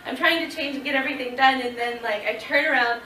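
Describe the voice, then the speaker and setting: A woman in her thirties telling a lively story to a convention audience, laughing and acting out what people said. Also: high-pitched, fast, a little hiss or hum. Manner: animated, laughing, acting out quotes. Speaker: convention panel guest. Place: convention panel room. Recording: echoey room, voice from far off.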